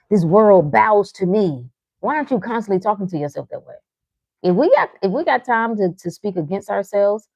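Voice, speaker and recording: A woman's voice: medium pitch, vocal fry, darkish tone, no echo. A woman hosting a live motivational talk, speaking frankly and profanely, teasing her listeners with short laughs as she reads their comments. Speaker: livestream host reading chat.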